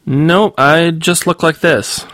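A man's voice: a little high, fairly even intonation, takes it slowly, fairly bright tone, no echo, voice pushed up. A man reading aloud and voicing a nervous, rambling talking male dog in a storybook. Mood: puzzled. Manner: hesitant and rambling.

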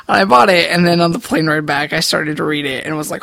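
A man with a gravelly, creaky voice banters on a podcast, dropping swear words and rattling off quick anecdotes. The sound is dry and close, with no room echo. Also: a little high, sharp tone. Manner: joking, swears casually, tells quick anecdotes. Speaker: podcast co-host. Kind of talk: casual podcast chat.

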